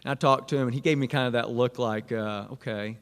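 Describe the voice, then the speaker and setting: A man's voice: mid-range voice, steady tone, fast, smooth. A man, casually telling a self-deprecating personal story to students. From Arkansas. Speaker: speaker at a Catholic student event. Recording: long hall reverb.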